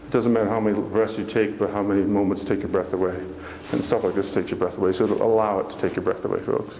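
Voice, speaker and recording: A man's voice: lowish voice, little pitch movement, fast, dark tone, slight background noise. A man speaking as a motivational speaker to a live audience, earnest and folksy, often asking the audience questions. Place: church hall. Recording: echoey hall from far off.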